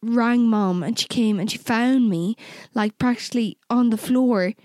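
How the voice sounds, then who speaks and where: A woman's voice: on the high side, measured pace, a little mellow, no echo, clean studio sound. A young woman, co-hosting a podcast, telling a personal story in casual chat, candid and swearing freely. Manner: candid, swears freely, acts out quoted exchanges. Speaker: podcast co-host.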